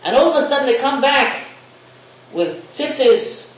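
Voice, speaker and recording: In an unhurried, animated manner, a rabbi with a very high-pitched, fairly bright voice tells a parable in his sermon, mixing in Hebrew and Yiddish terms. The audio comes from a distant mic in an echoey room, with faint hiss.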